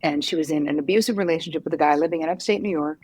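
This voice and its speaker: Husky, frank middle-aged woman. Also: deep voice, very fast. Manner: frank, lively, swears casually. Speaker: psychotherapist guest. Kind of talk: candid conversational storytelling.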